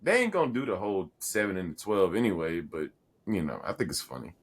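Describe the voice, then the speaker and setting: A man in his thirties co-hosting a podcast, his voice sitting very low. He talks loosely and with plenty of swearing, circling back and restarting his sentences as he tells a story. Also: big pitch swings, fast talker, husky. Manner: profane, rambling storyteller with many restarts. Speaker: podcast co-host. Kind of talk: casual chat.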